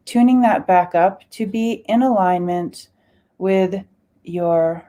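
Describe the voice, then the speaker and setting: A woman guides a spiritual meditation, speaking slowly and soothingly, with sighs and chanted syllables between her words. Her voice is mellow and fairly low.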